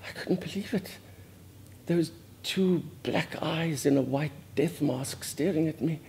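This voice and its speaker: A man's voice: on the high side, takes it slowly, vocal fry, a little mellow, a little hiss or hum. A man playing a prim, earnest older Afrikaans society lady with an Afrikaans South African accent, confiding in a monologue that drops Afrikaans words. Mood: remorseful. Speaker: host. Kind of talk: character monologue.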